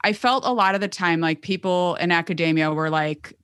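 A woman's voice: lowish voice, brisk, fairly bright tone, clear, resonant tone, dry recording, studio quality. A woman in her thirties, an occupational therapist guest, talking chattily and rambling with lots of filler words. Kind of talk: conversational interview.

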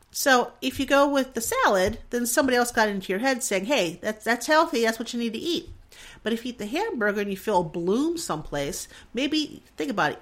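A woman in her forties hosts a solo podcast, her voice a little high and a bit bright. She rambles, gets emotional, pokes fun at herself, and laughs often, speaking into a desk mic in front of a screen.

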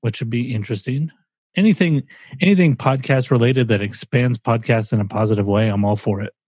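A man co-hosting a casual podcast, his voice mid-pitched and a little husky. He gives opinions freely and slips in jokes. The recording is dry and close. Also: fairly quick, darkish tone, dry recording. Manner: joking, opinionated. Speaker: podcast co-host.

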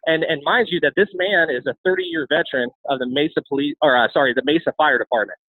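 A man tells his life story at a quick clip, stumbling over and repeating his words as he goes. His voice comes through thin and phone-like, with a dry, close sound. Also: a little high, no echo. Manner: rapid, with frequent restarts and repeated words. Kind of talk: candid personal storytelling.

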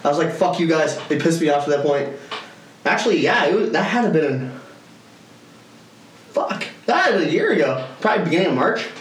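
Slightly high and sing-song, this young man talks a little fast but pauses often while co-hosting a casual podcast chat. He tells profane, loose stories and laughs a lot, recorded in an echoey room on a distant mic with faint background noise.

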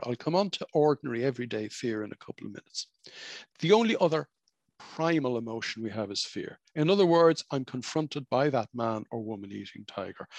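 Middle-aged psychologist talking, dry sound. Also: male voice, on the high side, no room sound. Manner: conversational, explanatory, with vivid examples and asides. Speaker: practicing psychologist. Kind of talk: reflective spoken talk on emotions.

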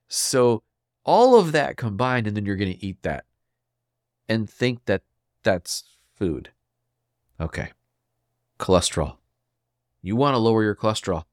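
A man with a fairly deep voice talks through a solo health podcast in an emphatic, lecturing way. He keeps asking his listeners rhetorical questions. The sound is dry and close, with no room echo. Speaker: podcast host.

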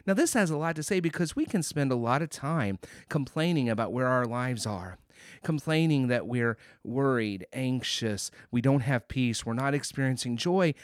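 A man's voice: medium pitch, no echo, clean studio sound. A man hosting a podcast, giving an earnest, casual Bible teaching with frequent restarts and emphatic swells. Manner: earnest, many restarts and fillers, rising to emphatic. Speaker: podcast host.

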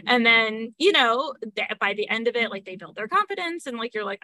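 A woman's voice: a little high, expressive, brisk, hardly any pauses, pushed and bright, no echo. A woman, a guest on a podcast, talking at length with many fillers. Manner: talkative, fillers, laughs between points. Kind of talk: casual chat.

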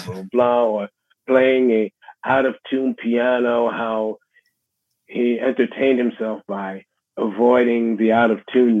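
A middle-aged man with a New York accent, a musician being interviewed, speaking in a halting, reflective way with many restarts. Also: lowish voice. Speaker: guest musician. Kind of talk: casual interview conversation. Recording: husky voice over a tinny phone line.

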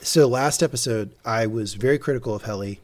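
A man co-hosting a podcast, recapping an episode in casual, animated chat and swearing freely. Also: mid-range voice, brisk. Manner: animated, reads out quotes with swearing and laughs. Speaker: podcast co-host.

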